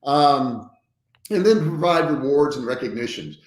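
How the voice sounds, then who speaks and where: A man giving casual business advice to his livestream viewers, talking frankly and with emphasis. His voice sits in a middle pitch. The sound is roomy and echoey, like a home office with bare walls. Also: lively intonation, measured pace. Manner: frank and emphatic, often tags points with "okay?". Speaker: business trainer hosting a livestream.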